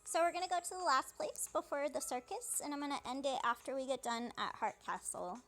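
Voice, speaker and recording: High-voiced woman paraphrasing game dialogue. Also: animated, brisk, fairly bright tone, soft background music. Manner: chatty, paraphrases dialogue with "she's like". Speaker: fan dubber playing through a game. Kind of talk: casual let's-play narration paraphrasing game dialogue.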